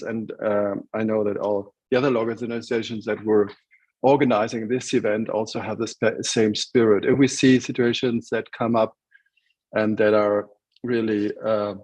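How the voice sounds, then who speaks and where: A man speaking as a lawyer on a panel, earnest and steady, with occasional restarts. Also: on the low side, breathy edge, no room sound, highs cut off. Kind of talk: panel remarks.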